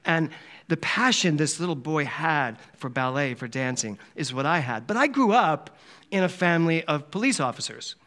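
A man's voice: fairly high pitch, expressive, moderate pace, sharp tone. A man from Philadelphia giving a Sunday sermon in a chatty, storytelling way, often laughing. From Philadelphia, USA. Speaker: minister giving a Sunday talk. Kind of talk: conversational sermon. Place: church service hall.

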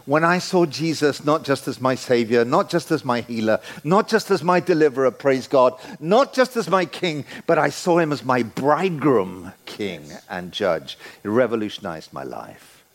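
A man in his sixties preaching a sermon in a church, playful and animated, acting out the voices he quotes. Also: mid-range voice, moderate pace, hardly any pauses. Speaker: guest preacher.

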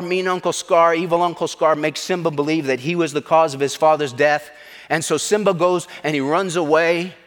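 A man's voice: fairly high pitch, big-room sound. A middle-aged man, a pastor, preaching a sermon with emphatic, repetitive delivery.

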